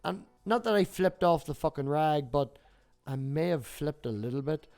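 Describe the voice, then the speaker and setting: A man's voice: on the high side, normal speed. A man, hosting a livestream and telling stories in a casual, swearing manner. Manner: swears freely, animated storytelling. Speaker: livestream host. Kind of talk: casual chat.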